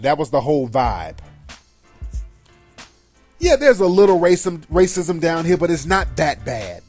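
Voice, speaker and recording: With a voice on the high side and a little mellow, a middle-aged man hosts a radio show and launches into a scornful, profane, blunt review of a film. It's an opinionated monologue, delivered emphatically over faint background music.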